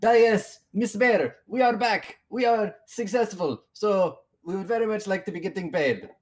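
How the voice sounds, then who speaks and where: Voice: medium pitch, normal speed, pitched above the performer's own voice, natural voice. A pompous male mercenary with a stiff, formal put-on accent, as a game master plays him. His voice is raised and his delivery stately. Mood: proud.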